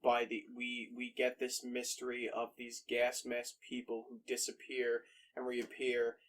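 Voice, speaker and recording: A man's voice: mid-range voice, monotone, a little slow, fairly bright tone, a little hiss or hum. A man co-hosting a casual podcast chat, rambling and swearing freely with frequent restarts. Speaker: podcast co-host.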